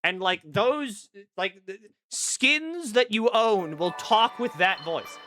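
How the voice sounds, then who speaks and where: A man streaming a video game, giving profane, animated commentary while he plays. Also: sits high, takes it slowly. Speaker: gaming streamer. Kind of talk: live-stream gameplay commentary. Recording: game music behind the voice.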